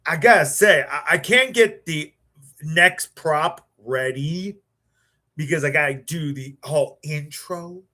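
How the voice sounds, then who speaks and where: Male live-stream host, slow-paced, amped and stammering, a touch high-pitched. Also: bright, forceful tone. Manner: hyped, stammering, restarts and repeats words. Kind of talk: excited live-stream chat.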